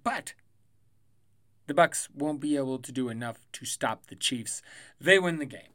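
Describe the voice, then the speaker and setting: Young man, podcast host, slightly high voice, loose and profane, rambles through predictions. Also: a little slow, fairly bright tone. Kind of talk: casual sports prediction podcast.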